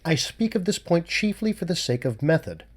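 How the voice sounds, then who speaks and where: A man's voice: on the high side, sing-song, pitched above the performer's own voice. A man reading as a methodical detective. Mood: reasoning. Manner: measured, lecturing reasoning. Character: methodical, cool-headed male amateur detective. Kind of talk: audiobook reading.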